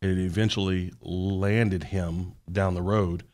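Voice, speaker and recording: Earnest, animated male storyteller. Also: sits low, unhurried. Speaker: podcast guest, college sports staff. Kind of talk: casual interview conversation.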